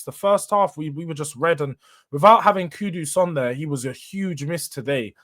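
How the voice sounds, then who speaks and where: A young man hosts a fan reaction show, speaking in a fairly high voice. He rants with frustration, building into sudden loud outbursts before dropping back down. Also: animated, moderate pace. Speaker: host. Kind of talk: fan match reaction monologue.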